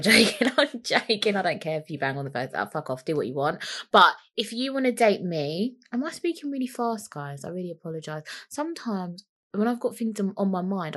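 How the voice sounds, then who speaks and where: A young woman talks alone into a podcast microphone in a rambling, cheeky way, swearing freely. Her voice sits a little low for a woman. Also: a bit bright. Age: young adult. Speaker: podcast host. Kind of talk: solo podcast chat.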